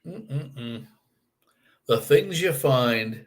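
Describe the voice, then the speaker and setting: A man's voice: medium pitch, animated, very slow, slight background noise. A man co-hosting a casual chat show, telling wry anecdotes and laughing at his own stories. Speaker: podcast co-host.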